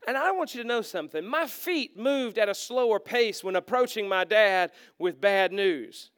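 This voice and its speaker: A male pastor preaching a sermon, acting out the characters and swinging from loud to hushed. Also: high voice, expressive, moderate pace, clean tone, no room sound, clean studio sound.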